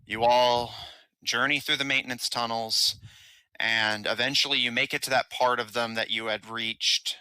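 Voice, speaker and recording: Male game master, bright forward tone, dry close mic, steady storytelling with small restarts. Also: medium pitch, clean tone, dry recording, low-quality recording. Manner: measured narration with filler restarts. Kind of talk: narrating a tabletop game.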